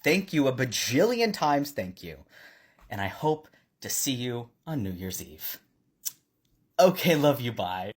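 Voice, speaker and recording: A man's voice: mid-range voice, sing-song, measured pace, husky. A man talking casually to his followers about the things he makes, effusive, emotional and swearing freely. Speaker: artisan vlogger. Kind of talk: casual selfie-video talk.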